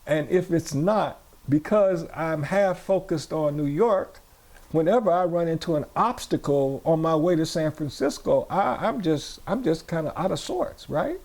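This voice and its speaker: A man's voice: on the high side, lively intonation, measured pace, a little mellow. A male pastor giving a sermon, repeating phrases and asking his congregation questions. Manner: repetitive, call-and-response preaching. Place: church.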